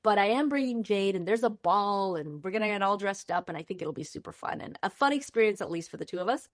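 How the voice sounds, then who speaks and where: A woman's voice: medium pitch, expressive, fast talker, no room sound, studio quality. A woman in her fifties, a chef guest on a podcast, chatting in a bubbly way and describing food lovingly. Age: 50s. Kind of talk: casual interview chat.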